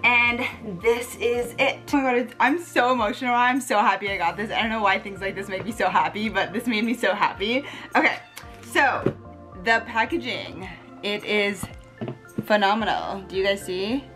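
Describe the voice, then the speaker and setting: A young woman chatting excitedly in a casual home beauty vlog, gushing and bubbly. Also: medium pitch, moderate pace, music in the background. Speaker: beauty vlogger.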